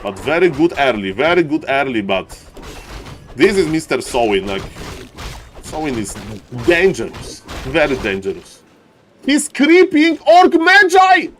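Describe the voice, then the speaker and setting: A man who is not an English speaker, commentating a strategy game match live on stream, greeting viewers and getting loud at big plays. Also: mid-range voice, unhurried, a little hiss or hum. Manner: excitable, shouts at big plays, non-native English phrasing. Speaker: esports caster and streamer.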